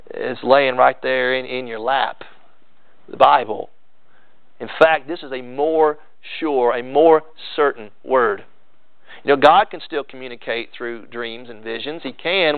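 A pastor preaching a sermon earnestly, mixing rising emphasis with conversational asides. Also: male voice, mid-range voice, clear, resonant tone, no room sound. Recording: dry tinny phone-like sound.

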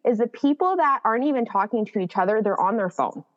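A woman's voice: fairly high pitch, lively intonation, quick pace. A woman dog trainer in casual podcast chat, explaining her views at length with fillers. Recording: dull, reverberant recording.

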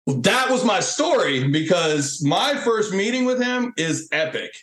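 Veteran guest, male, higher voice, animated swearing storyteller, roomy sound. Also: a little slow. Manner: animated, acts out quotes. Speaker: guest, Marine Corps veteran. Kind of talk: casual profane storytelling. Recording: roomy echo.

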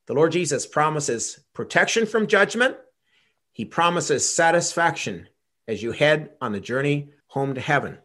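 A man's voice: a little high, big pitch swings, a little slow, bright, forceful tone. A man preaching a gospel sermon, earnest and emphatic, repeating key phrases for weight.

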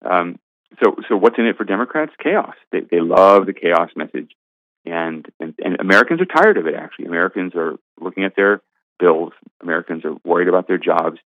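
A man with a very deep voice makes his case firmly and emphatically as a guest commentator. His voice is dry and tinny, as if coming down a phone line. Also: expressive, fairly quick, no echo. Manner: emphatic, argumentative. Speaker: guest commentator, senior editor. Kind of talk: political commentary interview.

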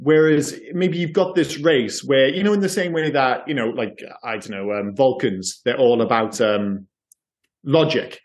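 A man co-hosting a podcast in casual chat, animated and hesitant, acting out what people said. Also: mid-range voice, unhurried. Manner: animated, hesitant, acts out quotes. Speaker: podcast co-host.

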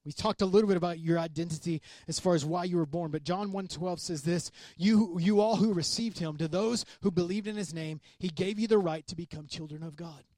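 A man preaching a sermon as a pastor, animated and conversational, acting out quoted voices. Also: high-pitched, dry recording.

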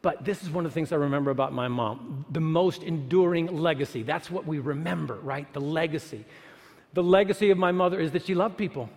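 A man giving an animated, sermon-like talk to an audience, full of rhetorical questions and emphatic repetition. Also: fairly high pitch, brisk, faint music behind. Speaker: speaker at a church or university gathering. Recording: long hall reverb.

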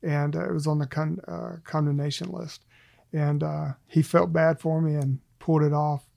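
A middle-aged man with a gravelly, creaky voice, pitched a little higher than most men but kept flat and level. He talks as a guest in a relaxed faith chat and tells stories against himself, laughing as he goes. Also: normal speed. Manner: self-deprecating, laughs often while telling stories. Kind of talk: casual faith conversation.

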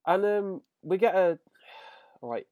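A man's voice: sits high, animated, slow, no room sound, narrow, tinny audio. Guy on a podcast going over a cartoon ep, lots of ums, dry close sound. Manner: enthusiastic, paraphrasing scenes with filler words. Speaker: podcast host. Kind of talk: casual chat reviewing an episode.

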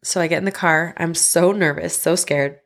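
A young woman with a low, gravelly voice tells a personal story on her podcast. She gets animated and acts out the voices of the people in it. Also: normal speed. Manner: animated, quoting others in dialogue, breaks into laughs. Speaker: podcast host.

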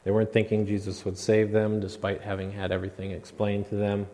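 A man with a fairly low voice delivers an earnest sermon. His words ring out with a long reverb, as in a church hall. He sometimes builds into a louder, dramatic retelling. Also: completely flat delivery, brisk. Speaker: preacher.

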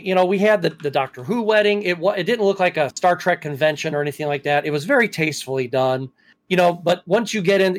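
A man hosting a casual podcast, telling stories in a chatty way with frequent restarts. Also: high voice. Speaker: podcast host. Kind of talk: casual chat.

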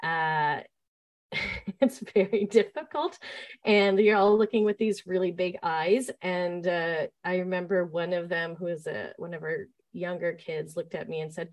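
A woman who leads staff at a summer camp, telling stories in a relaxed interview and talking with many fillers and restarts. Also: lowish voice, unhurried. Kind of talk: conversational interview storytelling.

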